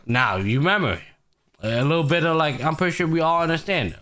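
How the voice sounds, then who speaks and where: A man's voice: a little high, fairly quick. A man hosting a casual anime podcast, retelling episodes with heavy swearing and acting out the characters' lines. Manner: animated storytelling, heavy swearing, acts out characters. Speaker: podcast host.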